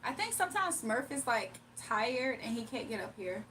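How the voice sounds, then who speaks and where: A woman's voice: fairly high pitch, very animated, normal speed, a bit bright, recorded from a distance, slight background noise. Chatty woman streamer, slightly off-mic. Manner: chatty, laughs often, reads chat messages aloud. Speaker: livestreamer reading chat. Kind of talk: casual livestream chat.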